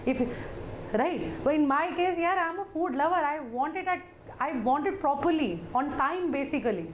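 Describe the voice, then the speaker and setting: A woman's voice: sits high, expressive, moderate pace, a little hiss or hum. A woman teacher with an Indian English accent, chatting playfully with students during a live online class and mixing Hindi into her English.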